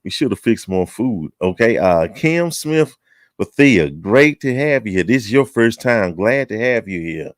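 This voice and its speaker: A very deep-voiced man hosts a relaxed chat show, greeting people with folksy teasing. His voice swings up and down a lot, and the sound is dry and close. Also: unhurried, no room sound. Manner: folksy, teasing, drawling southern talk. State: out of breath. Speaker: host. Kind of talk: casual chat show welcome.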